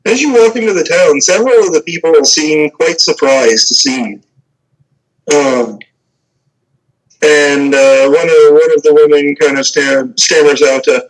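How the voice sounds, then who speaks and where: A man narrating as game master, halting, with many fillers. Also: a little high, low-quality recording.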